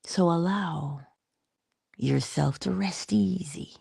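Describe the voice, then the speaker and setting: A woman giving a spiritual motivational talk in a soft-spoken way, often dropping into whispers, with playful, affectionate asides. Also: fairly low pitch, slow, vocal fry, slightly rough, no echo, clean studio sound. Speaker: inspirational speaker.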